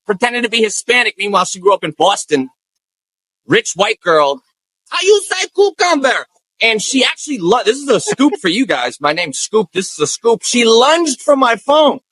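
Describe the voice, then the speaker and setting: A man tells a story with theatrical flair, jumping into other people's voices as he goes. His voice sits high and swoops widely, with a bright, sharp edge. The sound is dry and close. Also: lively intonation, moderate pace, no echo, rough recording. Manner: theatrical, acts out voices with big pitch jumps. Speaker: comedian and impersonator guest. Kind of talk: animated storytelling in an interview.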